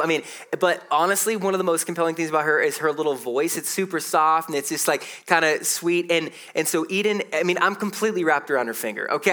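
Animated, bright-voiced male pastor. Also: fairly high pitch. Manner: conversational, animated storytelling with quick asides. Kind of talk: sermon.

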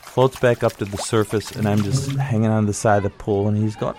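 A man's voice: on the low side, little pitch movement, brisk, hardly any pauses. A middle-aged man telling a childhood story in a conversational, wry, nostalgic way. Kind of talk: personal storytelling.

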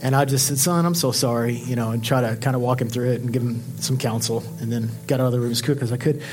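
A man preaching a sermon, swinging from impassioned exhortation to quiet, confiding storytelling. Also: medium pitch, little pitch movement, fast, music in the background. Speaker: pastor.

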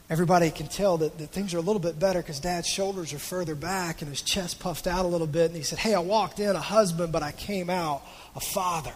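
High-voiced preacher in a reverberant hall. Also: male voice, darkish tone. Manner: conversational, repeats words while telling a story. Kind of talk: sermon storytelling. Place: church auditorium.

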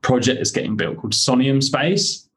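Guest: young man, eager rambling storyteller, mid-pitched, lots of "like". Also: normal speed. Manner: excited, rambling storyteller with many fillers. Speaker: podcast guest. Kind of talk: casual interview chat.

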